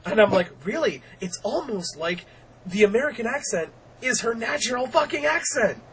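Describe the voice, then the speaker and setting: High-voiced young woman ranting and swearing. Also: moderate pace, breathy edge, low-quality recording. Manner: animated, laughing, profane. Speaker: podcast co-host. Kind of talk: casual wrestling review chat.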